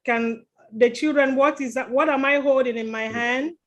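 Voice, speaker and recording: In church, a woman tells a children's chapel story in a lively way, stopping often to quiz the kids with questions. Her voice sits high at a moderate pace, and the audio is dull.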